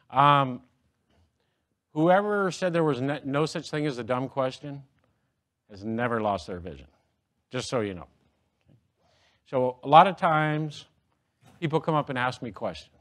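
A middle-aged man giving a humorous, self-deprecating speech to an audience, telling jokes and stories. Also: mid-range voice. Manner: joking, self-deprecating storyteller. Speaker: motivational speaker.

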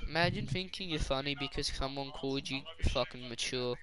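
A man's voice: mid-range voice, a little fast, a crowd in the background, low-quality recording. A young man streaming a game, joking crudely, swearing and laughing through casual banter. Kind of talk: casual gaming stream chat.

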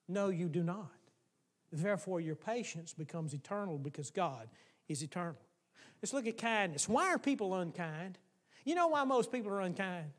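A man preaching a folksy, animated sermon in a church. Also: extremely high pitch, in a large hall. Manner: folksy, animated, acts out playground voices. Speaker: pastor.

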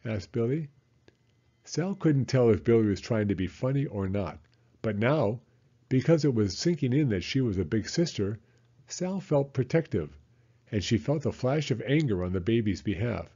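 Male storyteller for kids, mellow husky voice, lively read-aloud, dull lo-fi home recording. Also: medium pitch, normal speed. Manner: expressive, animated narration. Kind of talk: children's book read-aloud.

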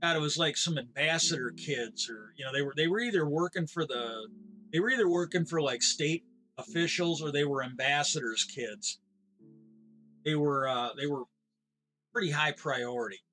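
A man chatting casually on a live game stream, wandering through a story with many detours. His voice sits a little higher than most men's. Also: normal speed, bright, forceful tone, soft background music, poor audio. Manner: rambling, meandering retelling. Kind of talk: rambling casual chat while gaming.

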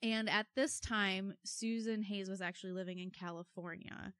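A woman co-hosting a casual true-crime podcast, telling the story in a wry, animated way. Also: mid-range voice, normal speed, no echo, studio quality. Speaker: podcast co-host.

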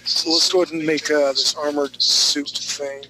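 A man's voice: a little high, little pitch movement, moderate pace, very noisy. A male drawing instructor running a live class. He talks through each step in an easygoing, joking way.

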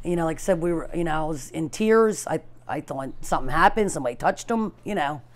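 A middle-aged woman, a performer's mother, speaking hesitantly in a documentary interview, with frequent pauses and retold dialogue. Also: low-pitched.

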